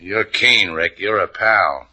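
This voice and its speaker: An actor playing a tough, wisecracking male adventurer who talks in clipped, wry lines with a husky voice, in 1940s radio acting. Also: deep voice, slow pace, bright, forceful tone, exaggerated voice.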